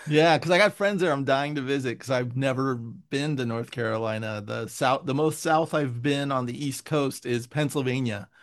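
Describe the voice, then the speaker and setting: A man from San Francisco in casual chat, animated and enthusiastic, often breaking into laughs. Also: mid-range voice, moderate pace, few pauses.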